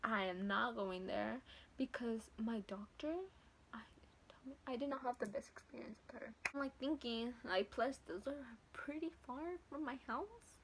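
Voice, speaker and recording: Animated young woman telling a story. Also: fairly high pitch, measured pace, a little hiss or hum. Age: young adult. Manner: animated, acts out voices, swears freely, mixes Spanish. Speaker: vlogger. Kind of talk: casual storytelling.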